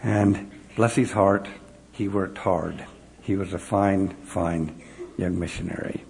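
A man's voice: deep voice, fairly even intonation, slow, gravelly, darkish tone. A man who led missionaries, giving a devotional talk to an audience and earnestly telling personal stories with acted-out dialogue. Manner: earnest storyteller acting out remembered dialogue. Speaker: former mission president addressing an audience.

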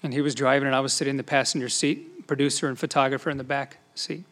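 A middle-aged man who used to be a news reporter, giving a church talk as a personal story, dropping to soft asides and rising to loud emphasis. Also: mid-range voice, steady tone, quick pace. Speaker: speaker at a church gathering, former TV news reporter. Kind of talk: sermon-style personal story.

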